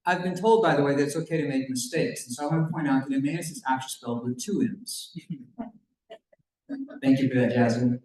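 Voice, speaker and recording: A man's voice: mid-range voice, fairly quick, a little mellow, slight background noise. A man giving a conversational talk at a banquet, retelling a Bible story with joking asides to the audience. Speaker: banquet speaker. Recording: echoey room.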